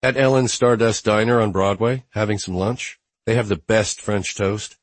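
A man's voice: fairly low pitch, fairly even intonation, moderate pace, dry recording, voice pushed up, close to an everyday voice. A man voicing a cheerful, playful young woman in an audiobook, with a bubbly, upbeat manner.

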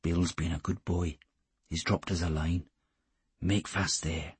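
A man voicing a quiet male commando who speaks softly and sounds pleased. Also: low-pitched, brisk, slightly rough, dry recording. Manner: soft, hushed.

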